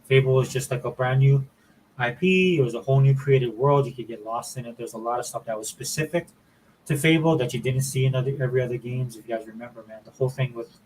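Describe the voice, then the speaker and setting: Male host, casual gaming chat, rambling excited delivery, tosses in "dude" and "man". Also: mid-range voice, quick pace, a little hiss or hum, low-quality recording. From Florida. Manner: rambling and enthusiastic, says dude and man a lot. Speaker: show host.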